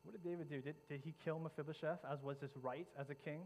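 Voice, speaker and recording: A man's voice: fairly high pitch, fairly even intonation, fast, darkish tone, slight background noise, rough recording. A male pastor preaching a sermon, retelling a story dramatically with frequent repeats and restarts.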